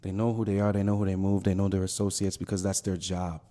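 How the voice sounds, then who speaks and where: A man's voice: sits low, level tone, fast, mellow. A man speaking as a podcast guest, making his points emphatically and repeating them. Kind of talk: casual conversation.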